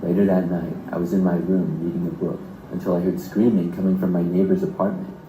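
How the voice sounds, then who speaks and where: A man narrating a scripted first-person horror story in a steady, even delivery. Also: deep voice, fairly quick, noisy background. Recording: roomy echo.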